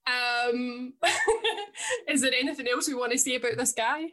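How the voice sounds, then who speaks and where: Bright-voiced woman podcast co-host. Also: high voice, expressive, measured pace. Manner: laughs often, chatty. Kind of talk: casual chat.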